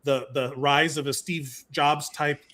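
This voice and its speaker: Man, podcast host, casual chat, enthusiastic, rambling, high voice. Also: fairly even intonation, a little slow, pushed and bright.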